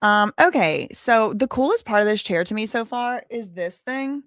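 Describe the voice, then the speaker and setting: A woman's voice: on the high side, lively intonation, moderate pace, fairly bright tone, dry recording, studio quality. A woman in her thirties chatting casually with viewers on her livestream, rambling with many fillers. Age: 30s. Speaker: livestream host. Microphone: desk microphone with headphones.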